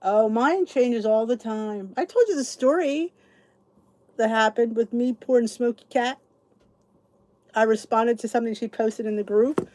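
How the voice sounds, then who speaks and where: A woman's voice: fairly high pitch, measured pace, darkish tone, dry recording. A middle-aged woman from New Jersey hosting a casual livestream, chatting with viewers by name and laughing often. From New Jersey, USA. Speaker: channel host.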